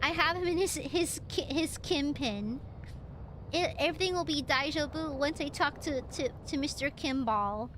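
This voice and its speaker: A young woman streaming a game, chatting in a casual, excitable way. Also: high voice, normal speed, a little hiss or hum. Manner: chatty, excitable, laughs often. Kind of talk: casual gameplay commentary.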